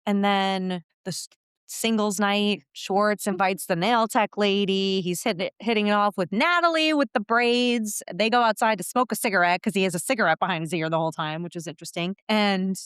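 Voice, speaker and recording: A woman's voice: medium pitch, brisk, a bit bright, clean tone, no echo, clean studio sound. A woman co-hosting a podcast in casual chat, talking expressively with dramatic exclamations. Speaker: podcast co-host.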